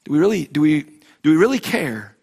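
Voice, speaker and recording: A man with a fairly high voice delivers a heartfelt sermon from the pulpit. He presses his congregation with repeated rhetorical questions and restarts his phrases as he goes. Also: sing-song, a little fast, creaky, darkish tone, slightly rough. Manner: impassioned, repetitive, with frequent restarts and rhetorical questions. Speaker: pastor.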